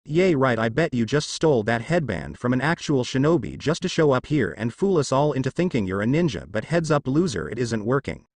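A man's voice: mid-range voice, sing-song, fairly quick, few pauses, a little mellow, dry recording. A man reading the part of an arrogant, bullying teenage ninja boy who sneers and makes demands. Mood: arrogant, sneering.

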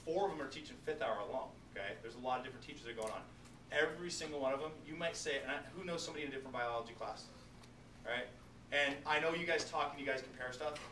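A biology teacher lecturing his class, animated and joking, talking straight to his students. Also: mid-range voice, racing. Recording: echoey classroom, distant mic, noisy.

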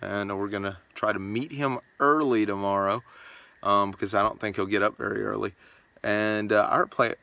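A man talking through trip plans in a relaxed, laid-back way, outdoors by a creek on a trail vlog. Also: lowish voice, moderate pace, vocal fry. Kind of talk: casual trail vlog chat.

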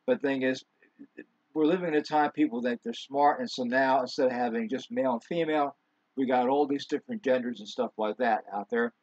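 A male pastor delivers his sermon in a relaxed, conversational manner, stopping for asides and fillers. His voice is slightly husky and sits in a middle range. The recording is dry and dull, with little top end. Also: medium pitch, a little fast, dry recording. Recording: dull, lo-fi sound.

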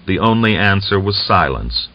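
Deep-voiced male audiobook narrator. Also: big pitch swings, moderate pace. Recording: dull lo-fi audiobook recording.

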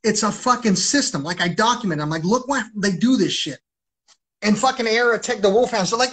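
A man's voice: high voice, animated, brisk, a bit bright, husky. A man ranting on a livestream in an agitated, rambling way, swearing heavily.

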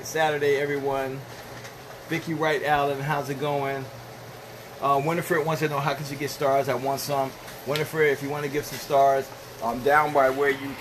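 A man's voice: mid-range voice, background noise. A man with a Jamaican accent hosting a cooking live stream from a home kitchen, chatting playfully and greeting viewers by name. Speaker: livestream host. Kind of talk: casual live-stream chat reading viewer comments.

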